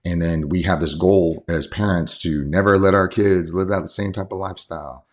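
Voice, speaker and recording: A man's voice: low-pitched, fairly even intonation, moderate pace. A man in his forties, a coach and father, talking earnestly and from the heart in a casual interview, often restarting his sentences. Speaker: coach and father, podcast guest.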